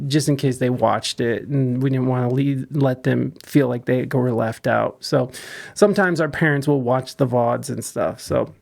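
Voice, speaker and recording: Gravelly young man in crude casual chat. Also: mid-range voice, darkish tone. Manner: crude, joking, rambling with restarts. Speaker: podcast host.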